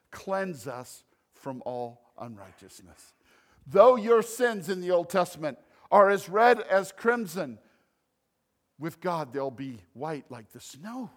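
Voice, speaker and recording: Pastor guy with a pretty high voice preaching, gets loud then drops real soft. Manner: animated preaching, swings between loud emphasis and quiet asides. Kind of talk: sermon.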